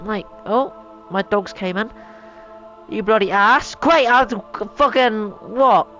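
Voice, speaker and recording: A woman's voice: mid-range voice, slow pace, fairly bright tone, soft background music, poor audio. A woman hosting a casual opinion rant at home, rambling, swearing a lot and sounding exasperated. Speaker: channel host. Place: home room.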